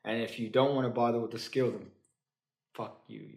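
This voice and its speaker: A halting, joking male card magician. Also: mid-range voice, steady tone, vocal fry, a little mellow, reverberant. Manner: halting, full of fillers and restarts; dry, joking asides. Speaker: magician teaching a card trick. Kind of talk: casual comedic tutorial.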